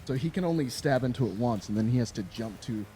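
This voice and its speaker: A man's voice: mid-range voice, expressive, quick pace, warm tone, faint music behind. A man co-hosting a video game review, talking in a loose, rambling way with laughs and casual swearing. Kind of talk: casual chat.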